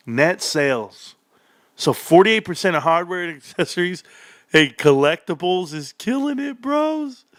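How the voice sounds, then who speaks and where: An excitable man hosts a live stream, reacting to an earnings report. His voice is bright and forceful, recorded dry and close with no room around it. He reads figures aloud, then suddenly jumps up in pitch and shouts. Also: a little slow, no room sound. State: out of breath. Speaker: stock livestream host.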